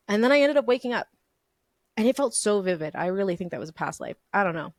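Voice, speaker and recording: A woman's voice: medium pitch, fast, no room sound, clean studio sound. A young woman hosting a podcast, casually telling her dream stories and filling them with "like" and "um". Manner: chatty, lots of "like" and "um", laughs often. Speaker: podcast host. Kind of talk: casual solo storytelling.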